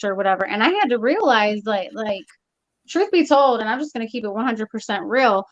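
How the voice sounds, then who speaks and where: A woman's voice: on the high side, lively intonation, a little fast, highs cut off. A woman from Texas in a casual discussion, telling her story frankly and bluntly.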